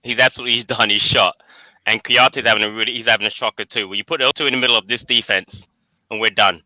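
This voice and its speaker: Very sharp-voiced blunt man. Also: fairly low pitch, fairly even intonation, quick pace, dry recording, poor audio. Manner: laughing, blunt, resigned. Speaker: guest caller. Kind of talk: casual watch-along chat.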